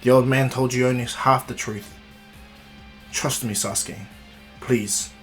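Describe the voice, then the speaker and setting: A man voicing a brash, curious young male ninja hero who asks quick, casual questions. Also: medium pitch, fairly even intonation, faint music behind, natural voice. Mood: insistent.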